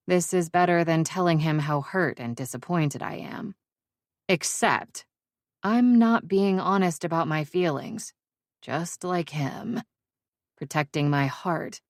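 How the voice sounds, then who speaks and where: Low, slow woman narrating a romance audiobook. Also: vocal fry, no echo, clean studio sound.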